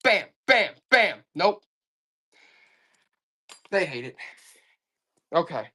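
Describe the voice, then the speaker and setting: With big pitch swings, a very slow pace, and a sharp tone, a live online auction seller delivers comic, exasperated hype. The stream patter is repetitive and urgent, restating offers and pleading with the audience.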